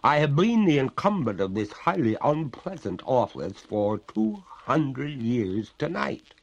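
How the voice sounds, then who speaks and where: A man voicing the ghost of a drowned young woman, speaking slowly in a gurgling, stately and reproachful way in a storybook reading. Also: medium pitch, big pitch swings, highs cut off, pitched above the performer's own voice. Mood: haughty, mournful.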